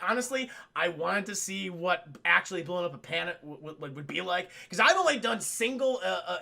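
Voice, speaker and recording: A man's voice: high-pitched, vocal fry, sharp tone, full character voice. A man putting on a smug, boastful space villain. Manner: cocky, casual, swearing.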